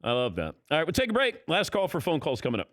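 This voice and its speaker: A man's voice: fairly high pitch, wildly swooping pitch, fast. A man hosting a sports talk show, bantering casually and laughing with guests in the studio.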